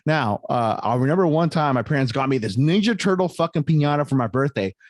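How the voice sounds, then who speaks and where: A man's voice: mid-range voice, brisk, no room sound. Swearing young man telling a story. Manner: animated, heavy swearing, laughs between lines. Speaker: podcast co-host. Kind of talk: casual storytelling chat.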